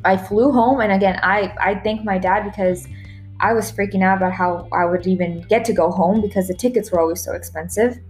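A woman in her thirties from Texas, a native Spanish speaker, talking casually as a podcast guest, laughing often and acting out remembered conversations. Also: fairly low pitch. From Texas, USA.

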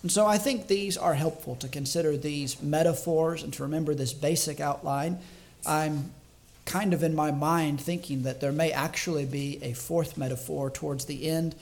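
A male evangelist preaching a sermon to his congregation, measured and reflective, slowing down to stress key words. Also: on the high side, creaky, darkish tone. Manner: thinks aloud with small restarts.

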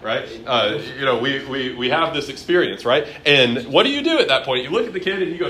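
A man's voice: medium pitch, lively intonation, quick pace, few pauses, sharp tone, slight background noise. A man teaching a classroom Bible lesson in a conversational way, acting out quoted voices.

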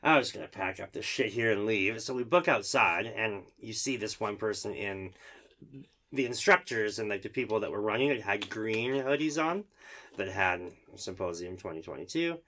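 A man, a fire captain, telling a story in casual podcast chat, animated and peppered with "like," acting out the dialogue. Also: lowish voice, normal speed. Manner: animated, acts out dialogue, lots of "like".

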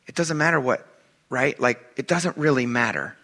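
A middle-aged male pastor preaching a casual, animated sermon, often asking his congregation "right?" and acting out quotes in a raised voice. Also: medium pitch, normal speed.

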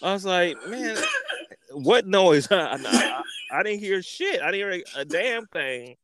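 A man hosting a podcast, telling a story in an animated, profane way, repeating words and acting out what people said. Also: sits high, normal speed, heavy background noise. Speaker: podcast host. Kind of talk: casual storytelling.

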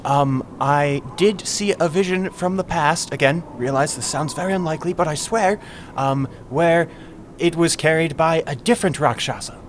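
A man's voice: a little high, moderate pace, slight background noise, close to an everyday voice. A man voicing a nervous young male bard who stammers and rambles under threat. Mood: flustered. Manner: stammering, flustered.

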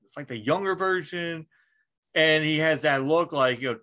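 A man's voice: on the high side, moderate pace. A man hosting a podcast in casual chat, rambling and swearing freely as he tells stories. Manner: profane, rambling, animated storytelling. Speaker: podcast host.

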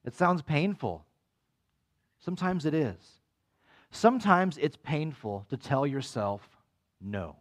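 A man preaching a sermon as pastor, animated and acting out quoted voices with big swings in pitch. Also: slow pace, long pauses.

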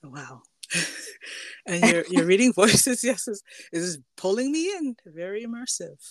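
A woman's voice: medium pitch, animated, measured pace, no echo. A woman hosting a podcast in casual interview chat, chatty and laughing often, restarting her sentences as she goes. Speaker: podcast host.

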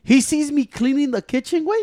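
A man with a rather high voice and a Mexican American accent, slipping Spanish into his English. He rants in casual podcast banter, swearing and piling up repeated words. He talks into a microphone at close range. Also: fairly quick, mellow, no echo. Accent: Mexican American English, mixing in Spanish. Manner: profane, ranting, repeats words in bursts. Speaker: podcast co-host.

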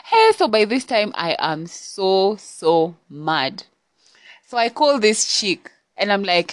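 A woman's voice: mid-range voice, sing-song, a little slow, no echo. Chatty young Kenyan woman telling a story. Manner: chatty and exasperated, addressing listeners. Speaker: podcast host. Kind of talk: casual storytime. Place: home on a rainy night.

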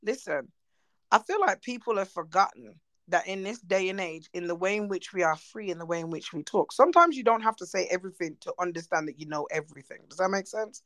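Blunt, fast-talking woman. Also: fairly low pitch, no echo, poor audio. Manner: blunt, animated, swears freely. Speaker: podcast co-host. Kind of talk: casual chat.

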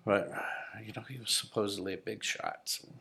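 Low-voiced swearing storyteller, a man. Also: steady tone, fairly quick, vocal fry, sharp tone. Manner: profane, storytelling, acts out quotes. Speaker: podcast guest, comedian. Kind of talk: casual chat.

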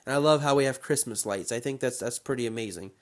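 A young man hosts his own podcast alone, speaking in an unscripted, rambling way. He gets worked up and animated as he rants, with an ordinary mid-range voice. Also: medium pitch, fast. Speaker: podcast host. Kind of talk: casual solo podcast chat.

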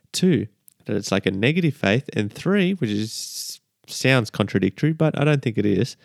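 A man preaching a lively, emphatic sermon as a minister, often checking in with the listeners. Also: mid-range voice, no echo, clean studio sound.

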